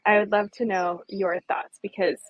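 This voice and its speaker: On a casual live outdoor walking tour of a small hillside village, a woman tour guide and travel vlogger keeps up enthusiastic chatter and often asks her audience questions. Her medium-pitched delivery is flat and moderately paced, and the audio is dull with no room sound.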